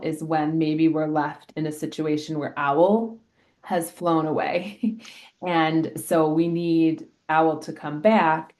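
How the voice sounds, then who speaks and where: A middle-aged woman, an elementary school health educator, explaining in a lively way with examples in a casual interview. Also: sits low.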